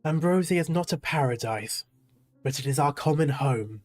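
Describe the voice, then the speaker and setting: A man voicing an elderly male priest, reading his lines slowly and gravely with a slight shake in his voice. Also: a little high, animated, faint music behind. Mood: solemn. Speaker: game player reading dialogue aloud.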